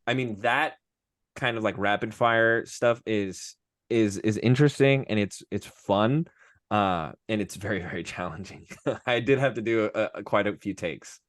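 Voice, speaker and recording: Low voiced guy rambling on a podcast, lots of restarts, dry close sound. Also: moderate pace, no room sound. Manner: rambling with many restarts, breaking into character voices. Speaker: voice actor guest. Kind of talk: casual podcast chat.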